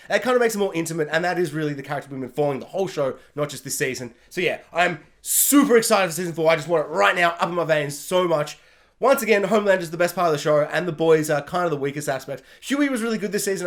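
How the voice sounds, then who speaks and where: Young man, TV reviewer, high voice, rambling, excitable, casual chat. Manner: rambling, excitable, lots of fillers. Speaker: TV show reviewer.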